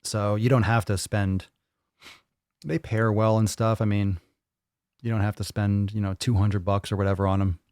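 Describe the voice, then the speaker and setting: A man's voice: on the low side, level tone, moderate pace, darkish tone, clear, resonant tone, no echo, studio quality. A man hosting a live fitness Q&A, chatting crudely and joking as he reads viewer comments. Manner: crude, joking, mocks voices of others. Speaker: fitness podcast host. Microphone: studio microphone.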